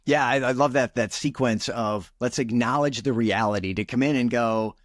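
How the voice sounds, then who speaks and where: Halting male podcast host, dry sound. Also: mid-range voice, no echo. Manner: halting, restarts sentences while agreeing. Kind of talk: interview conversation.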